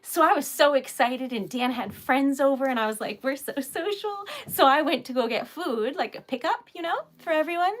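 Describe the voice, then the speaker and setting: Female streamer, slightly high voice, chatty and giggly, crafting live at home. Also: normal speed, few pauses, a little hiss or hum. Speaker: craft livestream host. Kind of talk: casual chat while crafting.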